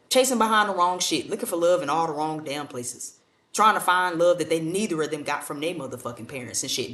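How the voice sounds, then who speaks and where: A woman doing a casual tarot reading, blunt and profane in a motivational way. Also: low voice. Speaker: tarot reader. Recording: roomy echo, mic at a distance.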